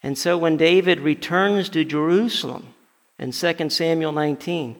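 High, gravelly-voiced pastor in a reverberant hall. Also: male voice, moderate pace. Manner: storytelling, frequent stumbles and repeated words. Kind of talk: conversational sermon. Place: church sanctuary.

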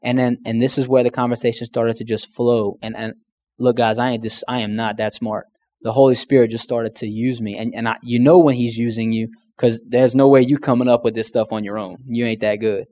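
A man's voice: mid-range voice, flat delivery, brisk, mellow. A man, a pastor who tells a testimony story earnestly and conversationally. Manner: earnest, conversational, says "man" and "you know" often.

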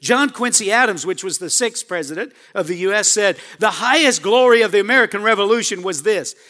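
High-voiced, bright preaching man. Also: expressive, a little fast. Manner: preaching with calls to the congregation. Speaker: pastor. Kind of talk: sermon.

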